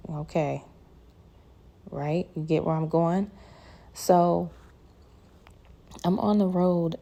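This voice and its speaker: A woman's voice: on the low side, steady tone, extremely slow, creaky, pauses often, mellow. A woman giving an earnest personal faith testimony to her viewers, emphatic and repeating her phrases. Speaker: christian content creator.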